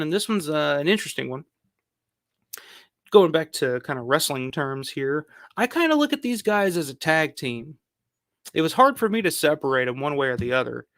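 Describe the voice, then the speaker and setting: A man's voice: on the high side, gravelly, a bit bright, dry recording, studio quality. A man hosting a film countdown video, talking casually and rambling with lots of fillers and the odd swear word. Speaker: film review channel host.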